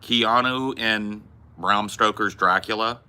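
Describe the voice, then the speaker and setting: He speaks slowly, his low voice steady and sharp. As a podcast host, he rambles casually and curses freely while giving blunt movie opinions.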